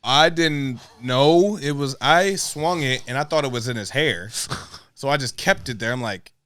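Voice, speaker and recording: A man's voice: mid-range voice, moderate pace, a bit bright, clear, resonant tone, no echo. A man co-hosting a podcast, chatting casually, laughing often and stumbling over repeated words as he starts a thought. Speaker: podcast co-host, pro wrestler.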